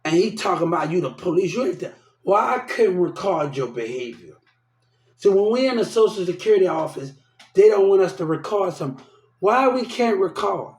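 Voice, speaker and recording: In an echoey room, a man with a high, expressive, brisk and slightly mellow voice rants heatedly about how he's been mistreated. Aggrieved, he keeps repeating himself and quoting what other people told him.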